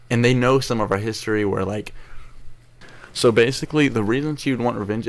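A teenage boy telling a story to camera in a rambling, emotional way, recorded on an earbud mic at low quality. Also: creaky. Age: teens. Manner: rambling, restarts often, emotional. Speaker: vlogger. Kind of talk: casual storytelling vlog.

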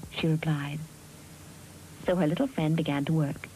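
A woman narrating a fairy tale in a measured, expressive storybook style. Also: low voice, slight background noise, low-quality recording.

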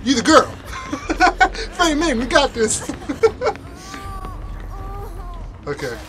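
A gamer giving live gameplay commentary while playing online with teammates, excitable and swinging between hushed muttering and loud shouts. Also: high-pitched, a little fast. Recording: loud game music behind the voice.

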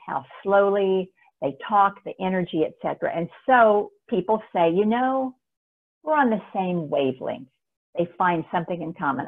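A woman speaker giving an energetic, emphatic webinar talk on communication, recorded on a laptop mic. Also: medium pitch, breathy edge. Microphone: laptop camera mic. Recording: tinny phone-like webinar audio.

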